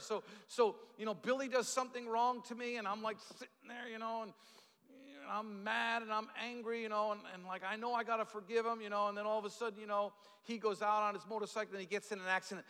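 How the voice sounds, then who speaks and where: A man preaches in a church hall, his voice high and bright. He tells stories animatedly, full of fillers and restarts. A long reverb trails his words. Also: quick pace, clear, resonant tone. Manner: animated storytelling with fillers and repeated starts. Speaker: pastor. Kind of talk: sermon.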